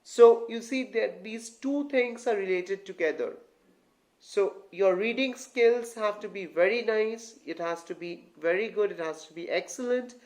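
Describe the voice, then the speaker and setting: Tutor voice for a reading lesson: mid-pitched, talks straight to the learners, repeats phrases, checks in with the viewers often. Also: unhurried, a little mellow. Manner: repeats and restarts phrases while explaining; addresses learners as guys. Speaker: English tutor. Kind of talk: online grammar lesson.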